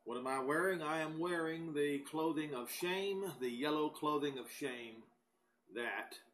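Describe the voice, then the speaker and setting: Slow, emphatic male Bible teacher. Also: fairly high pitch, a bit bright, low-quality recording. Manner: slow, deliberate and emphatic, pausing between phrases; reads scripture aloud. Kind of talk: recorded Bible teaching monologue.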